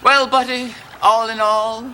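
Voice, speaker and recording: A man's voice: extremely high pitch, flat delivery, unhurried, bright, forceful tone, slight background noise, exaggerated voice. An actor playing the snobbish ghost of a famous old male wit, with pompous, drawling quips.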